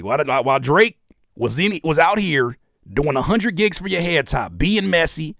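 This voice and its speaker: A man giving casual, joking reaction commentary as a YouTube host, animated and often dropping into quiet asides. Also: a little high, measured pace, gravelly, no room sound, clean studio sound.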